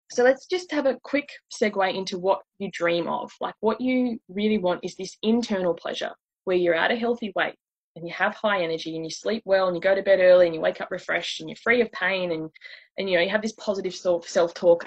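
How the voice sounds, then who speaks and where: A woman's voice: mid-range voice, brisk, slightly rough, poor audio. A woman who works as a weight loss coach, talking through a slide presentation in a chatty, relatable way and acting out inner voices.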